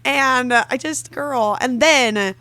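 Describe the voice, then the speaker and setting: A young woman co-hosting a book club podcast, talking about the story in a gushing, emotional, animated way. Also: sits high, slow, dry recording. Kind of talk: casual book chat.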